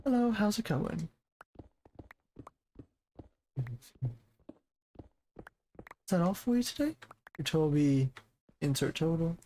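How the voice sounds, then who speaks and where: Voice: medium pitch, expressive, takes it slowly, pauses often, mellow. A streamer putting on a chirpy customer service voice. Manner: chirpy, overly polite service patter. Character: cheery customer service worker at a till.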